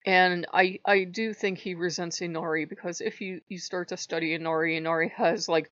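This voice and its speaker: A woman's voice: on the low side, fairly even intonation, normal speed, a bit bright, no echo. A woman hosting her own channel, talking casually and rambling with many fillers. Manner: rambling, conversational, frequent fillers. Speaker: channel host. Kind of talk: casual spiritual vlog chat. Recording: dull lo-fi dry audio.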